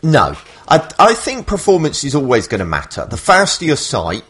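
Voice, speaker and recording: A man's voice: fairly high pitch, huge pitch swings, normal speed, fairly bright tone, slightly rough. A man hosting a podcast in casual chat, teasing and joking with his co-host. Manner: teasing and jokey.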